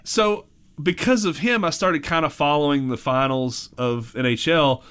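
A man's voice: on the high side, normal speed, a bit bright, clean tone. A man co-hosting a casual podcast chat, loose and jokey, laughing often. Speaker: podcast co-host.

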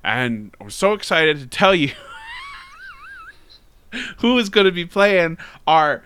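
A man's voice: on the high side, pushed and bright, clean tone, no room sound, exaggerated voice. A man mocking a smug male game company boss.

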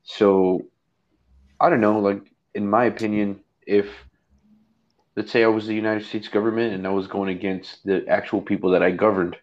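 A man's voice: lowish voice, little pitch movement, moderate pace. A man from Texas with a Texan accent, rambling and swearing through a casual political chat. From Houston, Texas. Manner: rambling, profane, filler-heavy. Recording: dull lo-fi recording.

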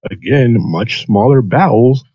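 A man co-hosting a podcast in casual chat, measured and deadpan. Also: medium pitch, no room sound. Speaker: podcast co-host. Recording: dull, lo-fi sound.

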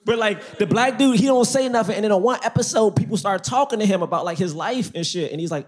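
A man's voice: high voice, quick pace, few pauses. A man co-hosting a live podcast, talking about a film with emphatic, slangy storytelling. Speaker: podcast co-host. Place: live stage at a podcast festival.

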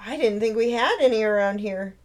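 A woman's voice: a little high, brisk, close to an everyday voice. A woman doing an exasperated no-nonsense mom. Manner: threatening, weary complaints.

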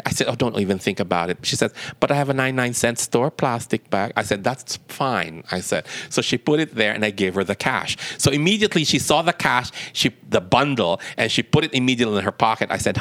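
A low-pitched man recounts a personal story as an interview guest, and he acts out both sides of each exchange. The sound is dry and close, with no room around it. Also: no echo. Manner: lively retelling with quoted dialogue. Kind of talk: anecdotal storytelling.

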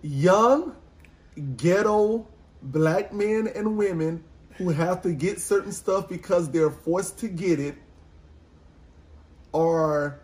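A young man co-hosting a podcast, telling animated work stories in casual chat. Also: slow, long pauses. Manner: animated, acts out callers in high mocking voices. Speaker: podcast co-host.

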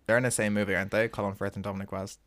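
A man's voice: lowish voice, flat delivery, racing, fairly bright tone, no room sound. Chatty young man, dry mic. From Ireland. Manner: rambling, laughs often, gossipy. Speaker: podcast co-host. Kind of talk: casual chat.

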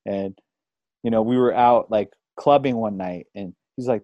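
A young man hosts a casual interview, rambling through his stories with plenty of fillers. His voice is relaxed and dark, and it sounds close and dry, with no room behind it. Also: lowish voice, moderate pace, dry recording, dull audio. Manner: chatty, rambling, filler-heavy. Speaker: podcast host.

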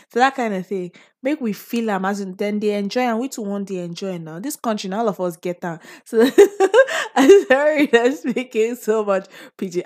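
A young Nigerian woman talks freely in a relaxed solo chat. She laughs often and drops into pidgin phrases. Her voice sits at an ordinary middle pitch. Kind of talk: casual solo talk.

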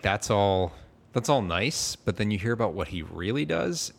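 A man's voice: deep voice, vocal fry, fairly bright tone. A man hosting a podcast, chatting casually with an enthusiastic and playful manner. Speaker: podcast host. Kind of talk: casual interview chat.

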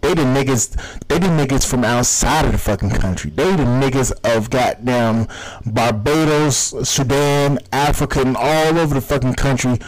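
An American man records a solo podcast episode as a furious, cursing rant. His voice sits at an ordinary middle pitch, and he hammers his points in a heated, confrontational way. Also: moderate pace, low-quality recording. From United States. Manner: heated, profane ranting. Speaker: podcast host.

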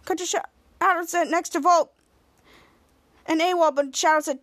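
A woman hosting a podcast, retelling a TV episode in a rambling way with many halting restarts, and acting out the characters' lines in animated voices. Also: high-pitched. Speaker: podcast host. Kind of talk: casual episode recap.

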